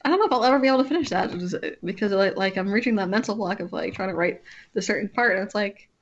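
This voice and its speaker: A woman's voice: mid-range voice, fast, muffled recording. A woman streamer chatting casually with a friend while drawing, rambling and often breaking off to restart her sentences.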